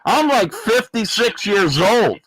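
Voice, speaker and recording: A man voicing a loud, dim-witted clown from the American South in his fifties, speaking in a put-on Arkansas accent and ranting brashly with shouted insults in a comedic livestream bit. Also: sits high, sing-song, takes it slowly, husky, no echo, full character voice, low-quality recording. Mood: mocking. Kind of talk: comedic livestream character rant.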